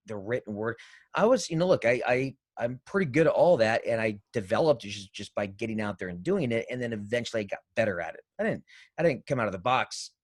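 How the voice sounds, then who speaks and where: A man's voice: medium pitch, no room sound, studio quality. A man co-hosting a casual live-stream show, talking energetically and rambling with many restarts. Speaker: podcast co-host.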